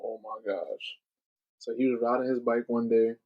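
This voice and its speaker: A man's voice: mid-range voice, normal speed, highs cut off. A young man co-hosting a casual livestream chat, blunt and teasing, bossing his co-host around.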